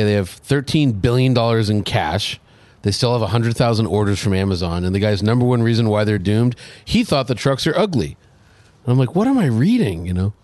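A man co-hosting a casual talk show, chatting in a relaxed, wry way. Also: lowish voice, dry recording. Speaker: podcast co-host. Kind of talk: casual chat.

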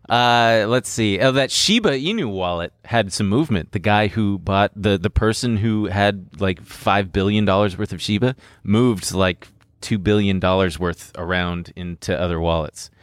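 A man's voice: lowish voice, a little slow, clear, resonant tone, no echo, clean studio sound. A young man hosting a casual podcast, joking around and rambling as he explains his trades. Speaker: podcast host. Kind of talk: casual crypto chat. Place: studio.

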